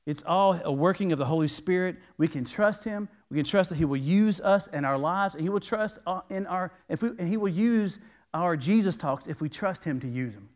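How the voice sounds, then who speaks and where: A man's voice: sits high, animated, normal speed. A male pastor preaching a sermon, telling a story in a folksy, emotional way with many restarts. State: tearful. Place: church.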